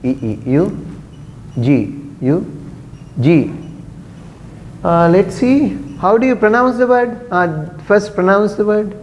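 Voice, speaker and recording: A man's voice: high voice, lively intonation, takes it slowly, pauses often, highs cut off, a little hiss or hum. A man teaching pronunciation to a class, patiently repeating words and asking questions. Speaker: English teacher. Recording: long echoey room reverb.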